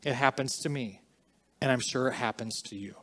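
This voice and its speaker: A man preaching a sermon, earnest and emphatic in places, quieter and reflective in others. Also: mid-range voice, normal speed. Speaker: pastor.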